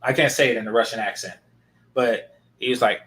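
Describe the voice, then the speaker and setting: A man's voice: mid-range voice, steady tone, brisk, fairly bright tone. A man commenting on a video clip in a blunt, sarcastic, casual way.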